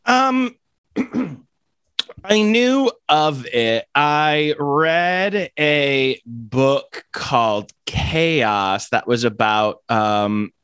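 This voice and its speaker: A man co-hosting a podcast, talking in a halting way with restarts. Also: a little high, animated, a bit bright, clear, resonant tone, no room sound. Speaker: podcast co-host. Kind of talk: casual chat.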